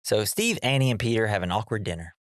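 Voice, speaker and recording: A man's voice: fairly low pitch, quick pace, no echo, studio quality. A man co-hosting a movie podcast, recapping scenes in casual chat and acting out the characters' lines. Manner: animated, acts out character lines. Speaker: podcast co-host.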